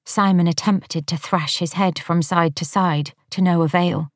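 A woman narrating an audiobook in a measured, wry storytelling manner. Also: fairly low pitch, fairly even intonation, no echo, studio quality.

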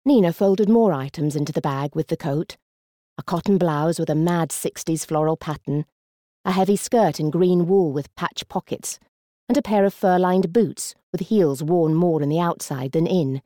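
A woman narrates an audiobook with a low, mellow voice and measured delivery. The sound is dry and close to the mic. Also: no echo.

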